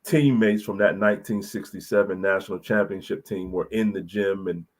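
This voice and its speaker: A man's voice: low voice, fairly even intonation, normal speed. A man, a college basketball head coach, telling an earnest, emotional story as a guest in an interview.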